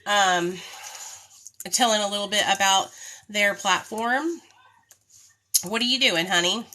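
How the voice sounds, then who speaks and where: A woman's voice: medium pitch, steady tone, a little slow, bright, forceful tone. A woman chatting casually on a livestream, greeting viewers by name and venting when something goes wrong. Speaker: vlogger.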